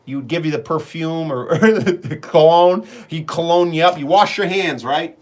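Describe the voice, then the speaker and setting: A man's voice: fairly high pitch, normal speed. Chatty middle-aged man, rambling live-stream stories. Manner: rambling storyteller, talks to viewers by name. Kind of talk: casual chat on a live stream.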